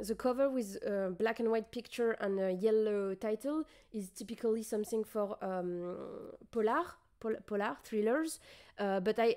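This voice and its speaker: Warm in tone and mid-range in pitch, a tired young woman with a French accent chats casually on a livestream. She stumbles a little, hesitating while she gropes for English words.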